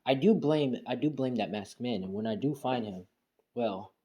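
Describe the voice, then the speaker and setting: A cheerful, carefree young ninja boy, as a man retells him. The voice is mellow and mid-pitched, and it talks in a plain, easygoing way without a strong character voice. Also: normal speed, close to an everyday voice.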